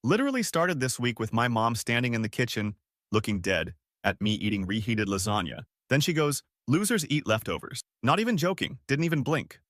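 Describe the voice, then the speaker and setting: A man's voice: mid-range voice, sing-song, brisk, fairly bright tone, no echo, studio quality. A man in his twenties narrating his own story in a casual, slangy first-person style. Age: 20s. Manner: casual, slangy, spelled-out abbreviations.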